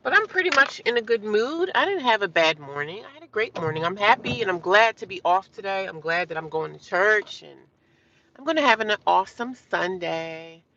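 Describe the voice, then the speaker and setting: A woman's voice: mid-range voice, big pitch swings, normal speed, pushed and bright, muffled recording, slight background noise. A woman from New Jersey live-streaming, bluntly ranting at trolls and chatting casually with viewers.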